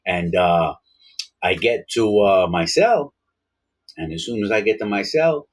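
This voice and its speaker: Brief: man, talking to camera, lively delivery, voices the people in his stories. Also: lowish voice, a little slow. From Long Island, New York. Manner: animated, acts out both sides of dialogues. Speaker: former prisoner telling stories. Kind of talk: casual storytelling to camera.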